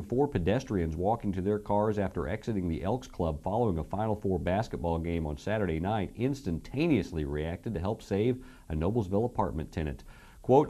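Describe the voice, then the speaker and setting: A man's voice: deep voice, dark tone. A man reading local news headlines as the anchor of a studio newscast. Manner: brisk scripted headline delivery. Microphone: studio mic.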